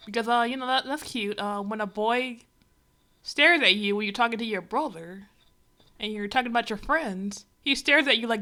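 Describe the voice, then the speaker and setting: A woman's voice: a little high, moderate pace, pushed and bright. A woman streamer giving a rambling, sarcastic, exasperated running commentary on a comic. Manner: rambling with many asides. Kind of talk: casual reaction commentary on a comic.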